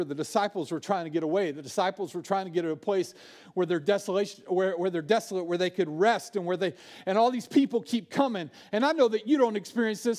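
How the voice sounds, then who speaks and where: A male pastor preaching a sermon, swinging from loud bursts to hushed, low asides.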